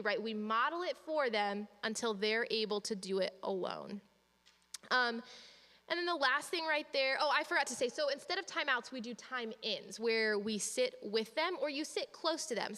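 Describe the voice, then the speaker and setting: A woman's voice: on the high side, bright, forceful tone. A woman leading a training session for parents, talking practically and reassuringly and acting out little exchanges between parent and child. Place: church hall. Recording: long hall reverb.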